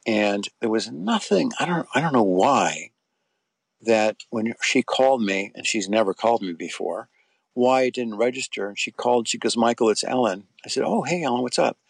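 A man's voice: medium pitch, lively intonation, moderate pace, creaky, husky, no room sound. A middle-aged man being interviewed, telling a personal story in a rambling, conversational way with frequent restarts. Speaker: interview guest.

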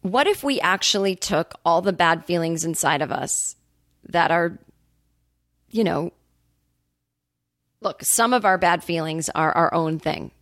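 A woman's voice: on the low side, expressive, a little slow, long pauses, a bit bright, no echo, clean studio sound. A woman hosting a podcast, ranting in a casual monologue, swearing freely and acting out quotes. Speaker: podcast host.

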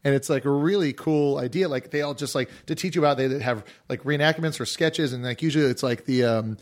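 A man hosting a podcast, drifting through loose stories with plenty of "like" and "uh". His voice is a touch hoarse. He speaks at an everyday pitch in a relaxed, conversational way. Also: fairly quick. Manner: rambling, filler-heavy storytelling. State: hoarse after a day of screaming. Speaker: podcast host. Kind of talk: casual chat.

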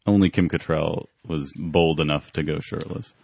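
A man hosting a podcast in easygoing casual chat, quick to laugh. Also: a bass voice, steady tone, gravelly, a little mellow, slightly rough, no echo. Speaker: podcast host.

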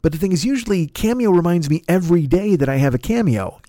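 Podcast host, middle-aged man, profane excitable comic rant, slightly high, dry close mic. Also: quick pace, dry recording. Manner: profane, excitable, swings loud and quiet. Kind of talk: comedic rant.

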